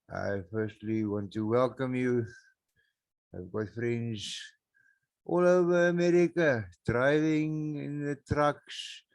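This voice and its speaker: A South African man hosting a solo podcast, rambling and mocking, with sudden loud outbursts and laughs, on a backup microphone. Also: medium pitch, no echo. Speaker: podcast host.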